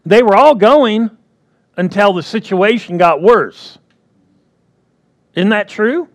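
A man's voice: sits high, expressive, takes it slowly. A man preaching a sermon in a conversational way, often checking in with the congregation. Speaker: pastor.

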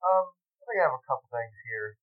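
A man's voice: medium pitch, lively intonation, fast talker, phone-quality sound, soft background music. A man in a casual chat, laid-back and hesitant, often starting with ums. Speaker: podcast guest.

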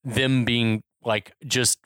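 A man's voice: medium pitch, little pitch movement, extremely slow, a bit bright, clean tone, dry recording. A man co-hosting a podcast, recapping a movie in casual chat and rambling with lots of "like.". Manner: rambling recap with many "like" fillers. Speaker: podcast co-host.

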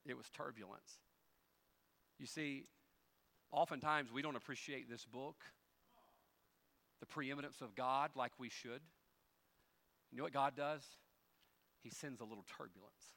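A male pastor preaching a sermon, moving from quiet folksy storytelling with humorous asides to loud, rising emphasis. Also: medium pitch, unhurried, gravelly, long pauses.

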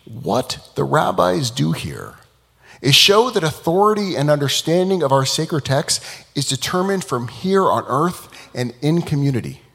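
A man giving a public talk as an animated, dramatic storyteller. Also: on the high side, unhurried, vocal fry, breathy edge, long reverb tail.

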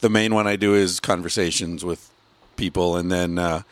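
A man appearing as a podcast guest, chatting in a relaxed way, laughing easily and pausing with many uhs. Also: deep voice, no echo. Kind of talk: casual chat.

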